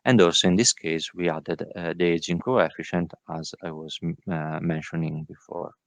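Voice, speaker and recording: Halting, low-voiced man presenting slides. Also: steady tone, gravelly, no room sound. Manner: halting, many filler sounds. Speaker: workshop presenter. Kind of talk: technical presentation. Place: virtual workshop call.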